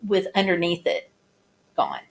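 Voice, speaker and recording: A woman vlogger talking casually, halting and restarting as she describes flood damage. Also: lowish voice, huge pitch swings. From United States. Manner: chatty, halting, many restarts and fillers. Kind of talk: casual chat over photos.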